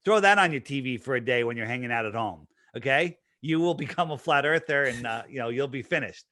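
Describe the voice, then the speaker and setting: A man's voice: medium pitch, animated, fairly quick, bright, forceful tone, no room sound, studio quality. A man speaking as an interview guest, talking casually and emphatically, with lots of restarts and fillers. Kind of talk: casual promotional talk.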